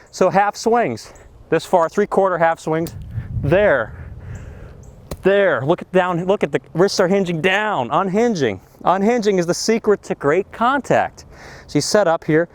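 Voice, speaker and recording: Middle-aged male golf coach, excitable range lesson outdoors, lively voice that swings up and down, slightly high. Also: normal speed. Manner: excitable, exclaiming over good shots. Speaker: golf instructor.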